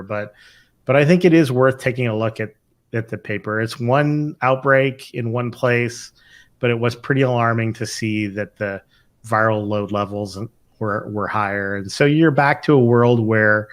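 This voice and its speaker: A middle-aged emergency physician with a mid-range voice co-hosts a casual podcast. He talks thoughtfully, using lots of fillers and restarts.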